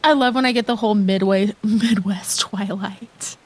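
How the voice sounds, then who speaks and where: A woman's voice: medium pitch, moderate pace. A woman streaming a game live, chatting with viewers in a gushing, giggly, rambling way into a desk mic.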